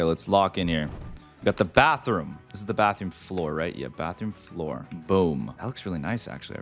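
A man giving excitable gameplay commentary as the host, talking to himself and to viewers and calling everyone "dude". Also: low voice. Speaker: gaming video host.

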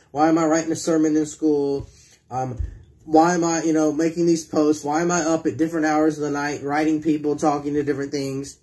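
In a slightly high voice with a darkish tone, a man gives a sermon. He reads scripture, asks his congregation questions, and acts out prayers, pleading.

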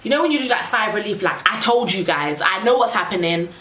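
A young woman telling a personal story to camera in a casual, animated way, acting out what people said. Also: medium pitch, fast. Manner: animated, acts out quotes in raised voices. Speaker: vlogger. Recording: echoey room, faint noise.

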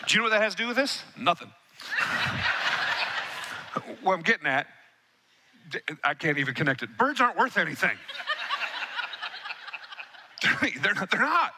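Bright, lively preaching man. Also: sits high, normal speed, pauses often, husky. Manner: animated, storytelling, calls on the congregation. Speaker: pastor. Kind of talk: sermon.

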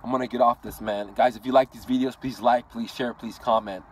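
A man's voice: mid-range voice, fairly even intonation, a little fast, distant mic, slight background noise. A man from Iran delivering a blunt, profane motivational rant as a vlogger, constantly swearing and tacking "dude" onto his lines. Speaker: vlogger and business owner.

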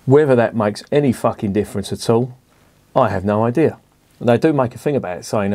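A man's voice: medium pitch, a little fast, mellow, no room sound. A man giving a casual beer review, blunt and opinionated, swearing freely.

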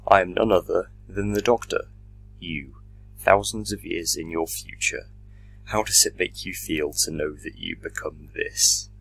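A man voicing a slow, menacing armored villain. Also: low-pitched, fairly even intonation, creaky, fairly bright tone, husky, heavily acted, low-quality recording. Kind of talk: fan audio drama reading.

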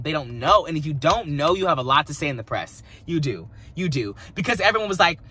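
A man reviews an album in a loose, excitable vlog, gushing like a devoted fan and leaning hard on slang. His voice is bright and sharp and swings widely in pitch. There's a husky edge to it. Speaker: music reaction vlogger. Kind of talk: casual music review.

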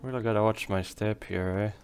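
Young male let's-player, low voice, sweary and self-talking. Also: moderate pace, darkish tone, smooth. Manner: swearing, frustrated outbursts and muttering to himself. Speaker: let's play gamer. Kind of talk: casual gameplay commentary.

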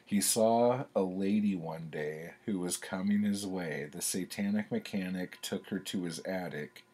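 Low husky man, slow wry reading. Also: a little mellow. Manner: wry, self-mocking, laughs at his own writing. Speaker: author reading his childhood writing. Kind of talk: casual reading and commentary.

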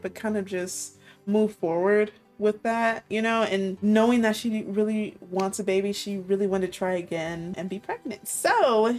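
A young woman giving casual let's-play commentary, bubbly, giggly and chatty. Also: mid-range voice. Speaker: gaming video host.

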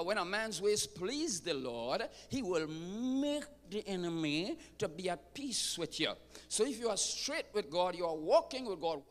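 High-voiced male preacher in a reverberant hall. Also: fairly bright tone. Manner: emphatic preaching with dramatic pauses. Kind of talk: sermon. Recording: long reverb of a large hall.

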